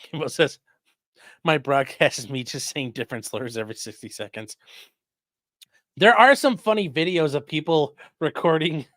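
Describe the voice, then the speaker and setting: Reading chat aloud on a casual livestream, this man talks loosely in a fairly high, expressive voice with a fairly bright tone and moderate pace. The sound is dry and clean, like a studio.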